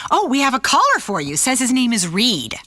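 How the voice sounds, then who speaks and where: A woman's voice: fairly high pitch, huge pitch swings, a little fast, bright, forceful tone, heavily acted. An actress playing a sarcastic female talk radio co-host who scolds her partner in dry, disgusted remarks. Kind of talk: comedic talk radio banter.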